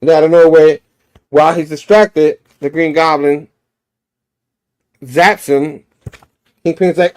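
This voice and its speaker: A man's voice: a little high, little pitch movement, takes it slowly, pauses often, a little mellow. A man reviewing a comic, retelling its story animatedly with sound effects and frequent laughs.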